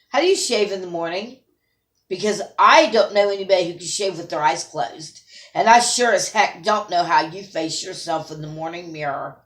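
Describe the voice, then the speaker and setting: A woman's voice: mid-range voice, a bit bright. A woman ranting to camera in an angry, scolding, at times tearful vlog. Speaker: vlogger. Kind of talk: emotional rant to camera. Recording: roomy echo.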